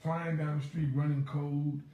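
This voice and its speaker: Animated storytelling pastor, echoey room. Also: male voice, on the high side, unhurried, lo-fi sound. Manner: animated storytelling, acting out quotes. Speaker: pastor and show host. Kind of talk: storytelling devotional talk.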